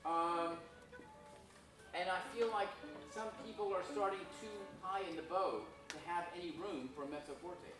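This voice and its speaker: A man's voice: sits high, moderate pace, over music. A man teaching a school orchestra masterclass, frank and self-deprecating, singing phrases to show what he means. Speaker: visiting violinist teaching a masterclass. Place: school rehearsal room, echoey. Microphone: recorded from afar by a room camera. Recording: echoey room, distant, noisy.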